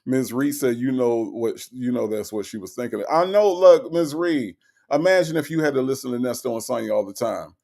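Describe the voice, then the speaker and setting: A man's voice: medium pitch, lively intonation, a little fast, gravelly, dark tone. A man hosting a casual live stream, playful and mocking, greeting viewers from the chat. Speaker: host of a live call-in commentary stream.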